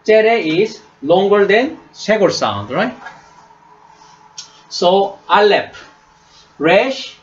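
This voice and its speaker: A man teaches a class at a deliberate, unhurried pace. His voice sits fairly high and swings up and down a lot as he repeats words for his students. The recording sounds dull and lo-fi. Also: sing-song, slight background noise. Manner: slow, repeats words and asks "right?" often. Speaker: Hebrew teacher. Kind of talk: classroom lesson.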